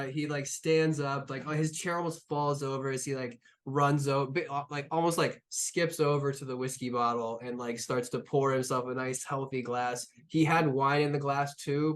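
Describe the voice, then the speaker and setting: A man's voice: mid-range voice, fairly even intonation, measured pace. A man narrating as game master of a tabletop game, talking casually with lots of fillers and the odd swear word.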